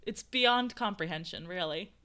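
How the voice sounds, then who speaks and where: A woman's voice: fairly low pitch, normal speed, pushed and bright. A young woman co-hosting a podcast in casual chat, giggly and playfully acting out quotes. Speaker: podcast co-host.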